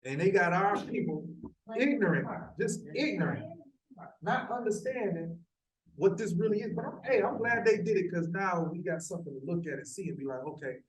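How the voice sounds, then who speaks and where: A man's voice: sits high, expressive, a little fast. A man hosting a religious commentary channel, talking emphatically and repeating himself. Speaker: channel host. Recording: echoey room, far from mic.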